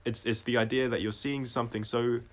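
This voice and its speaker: A man talking through his own songs on a casual livestream, reflective and halting, often restarting his sentences and trailing off quietly. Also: medium pitch, little pitch movement. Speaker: singer-songwriter explaining his songs.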